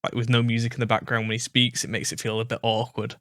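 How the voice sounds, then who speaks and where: A man's voice: mid-range voice, monotone, fast talker, fairly bright tone, no echo, clean studio sound. A man from Manchester with a British English accent, hosting a reaction video, musing aloud and second-guessing himself as he repeats words. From Manchester, England. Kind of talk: casual commentary over a clip.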